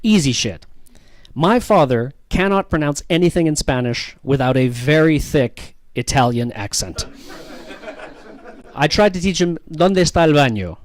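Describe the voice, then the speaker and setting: A man's voice: fairly high pitch, lively intonation, measured pace, no echo. A man doing stand-up crowd work, teasing the audience with profane jokes. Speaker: stand-up comedian. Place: comedy venue with live audience.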